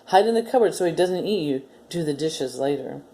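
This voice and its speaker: A woman's voice: sits low, expressive, fairly quick, dark tone. A woman voicing a huge, impatient giantess who barks orders in a brusque way. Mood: bossy.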